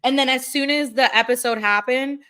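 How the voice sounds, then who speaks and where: Bright-voiced woman telling animated stories. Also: high voice, brisk, clean tone. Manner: animated storyteller, acts out her own reactions. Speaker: podcast host. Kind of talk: casual chat.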